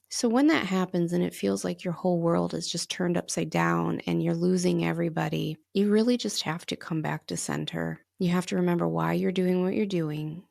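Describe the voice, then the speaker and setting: A woman co-hosting a spiritual podcast in easy conversation. Her voice sits a bit low and has a gravelly fry to it. She sounds reflective and gently reassuring. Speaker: podcast co-host. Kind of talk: casual spiritual podcast chat.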